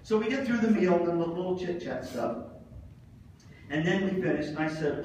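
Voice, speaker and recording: Lively man giving a keynote in an echoey hall. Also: sits high, normal speed, long pauses. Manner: animated, humorous, acts out dialogue. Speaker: keynote speaker. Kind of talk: motivational conference speech with storytelling. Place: large conference hall. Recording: echoey hall, voice from far off, faint noise.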